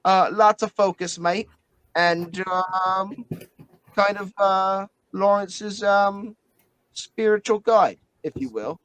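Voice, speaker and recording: A man's voice: sits high, takes it slowly, a bit bright, clean tone, no room sound, voice pushed up, rough recording. A man voicing a crude male spirit trapped in a book, with a put-on Australian accent. He swears a lot and calls everyone mate. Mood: explaining. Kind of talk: tabletop game character voice.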